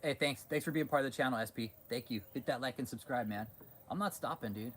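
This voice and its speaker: Man, livestream host, mid pitch, swears a lot, excitable, restarts sentences, faint background hiss. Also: quick pace. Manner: profane, excitable, frequent restarts. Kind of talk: casual livestream talk, reading chat.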